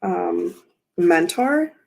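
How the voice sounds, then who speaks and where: Slow, gravelly-voiced woman chatting casually. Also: lowish voice, expressive, darkish tone. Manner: rambling, self-interrupting, talks to chat viewers. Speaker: tarot reader and livestream host. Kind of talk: casual livestream chat.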